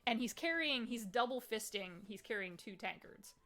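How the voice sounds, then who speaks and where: A woman's voice: fairly high pitch, lively intonation, moderate pace, a crowd in the background. A woman running a tabletop game as game master, describing scenes in a chatty, descriptive way with many fillers.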